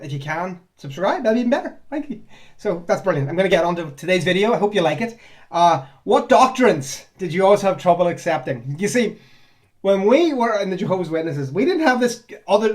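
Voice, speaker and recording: A man, chatting sarcastically as he reads out and answers viewer comments, rambling and laughing often. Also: high voice. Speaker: ex-Jehovah's Witness vlogger. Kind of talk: casual commentary on reader comments.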